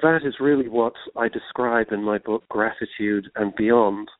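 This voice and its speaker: A man with an English accent, a guest author telling his story in a reflective, unhurried way during a radio interview by phone. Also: lowish voice, dry recording. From England. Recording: tinny phone line.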